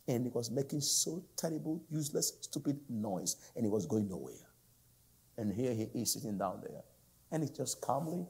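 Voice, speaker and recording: Raspy guest preacher, loud then whispered. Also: male voice, mid-range voice, animated, moderate pace. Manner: dramatic swings from loud to whispered. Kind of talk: sermon.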